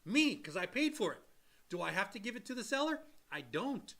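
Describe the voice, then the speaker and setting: A man co-hosting a podcast about loans, explaining in a blunt, animated way, with casual swearing and acted-out quotes of buyers and sellers. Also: high voice, a little fast. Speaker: co-host and loan officer.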